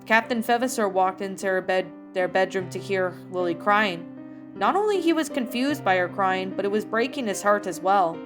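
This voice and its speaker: A woman's voice: mid-range voice, moderate pace. Woman reading her fan story. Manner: steady reading with small self-corrections. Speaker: fan fiction author and reader. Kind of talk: reading fan fiction aloud. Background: faint music.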